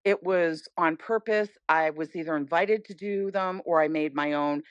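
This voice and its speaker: Middle-aged woman, podcast guest, lively storyteller who acts out her quotes; lowish voice, dry close studio sound. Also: normal speed, clean tone, dry recording, lo-fi sound. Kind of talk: casual storytelling chat.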